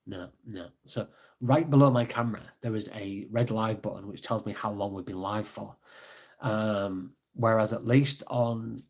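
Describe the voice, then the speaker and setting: A man's voice: on the low side, measured pace. A man chatting casually on a live stream, rambling and easygoing as he reads out viewer comments. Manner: rambling, laughs easily, reads chat comments aloud. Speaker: livestreamer and author.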